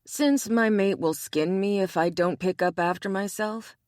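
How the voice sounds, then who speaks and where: A woman's voice: mid-range voice, measured pace, darkish tone, no echo, studio quality, voice pushed up, natural voice. A woman voicing a wry, teasing man in an audiobook. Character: adult man, smirking shop-owner friend, wry.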